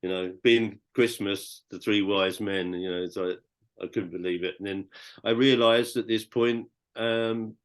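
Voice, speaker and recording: A man's voice: on the low side, steady tone, a little slow. A British man, a podcast guest, telling his personal story in a rambling, heartfelt way with many restarts. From Britain.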